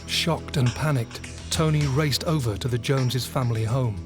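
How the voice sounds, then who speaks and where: A man narrating a crime documentary in a measured, grave tone. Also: medium pitch, music in the background.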